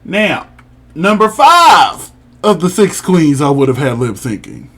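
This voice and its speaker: A man with a fairly high voice co-hosting a laid-back review chat. He speaks softly and easily, offering his takes in a calm tone. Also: measured pace. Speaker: podcast co-host.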